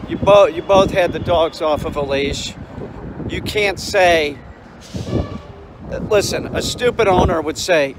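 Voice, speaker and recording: A man speaks in a slightly high voice, ranting bluntly about careless dog owners as he walks dogs outside. City traffic hums clearly behind him on the street. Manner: blunt, ranting, swears freely. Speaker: dog trainer. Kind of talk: casual vlog rant while walking dogs.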